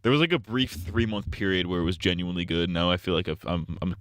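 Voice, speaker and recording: A man's voice: sits low, quick pace, few pauses, a bit bright, clean tone, no room sound, studio quality. A young man streaming a game, chatting casually in a rambling, joking way with stammered restarts, on earbuds.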